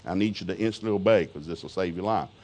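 An older man, preaching and telling a humorous family story in a folksy way that swings from low asides to loud outbursts. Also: quick pace.

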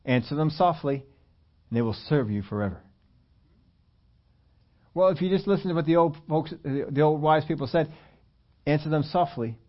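A man preaching a conversational sermon, at times rising loud and emphatic. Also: on the high side, dull audio. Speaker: pastor.

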